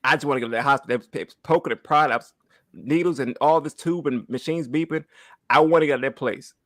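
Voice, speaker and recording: A man's voice: medium pitch, quick pace, a bit bright, no echo, clean studio sound. Earnest man in his thirties giving testimony. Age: 30s. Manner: earnest, repeats phrases, asks "right?" often. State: holding back tears. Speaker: church member giving testimony. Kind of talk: emotional personal testimony.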